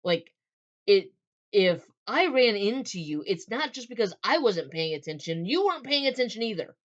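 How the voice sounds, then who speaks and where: A woman's voice: low-pitched, moderate pace, muffled recording, natural voice. A woman retelling a scene as a stoic, apologetic young British man, polite and baffled. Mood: defensive. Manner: polite, baffled, explaining himself.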